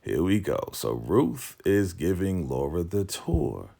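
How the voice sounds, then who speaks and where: A man's voice: sits low, very animated, slow pace, creaky, dark tone. A man hosting a casual TV episode recap, chatting freely with lots of fillers and frequent laughs.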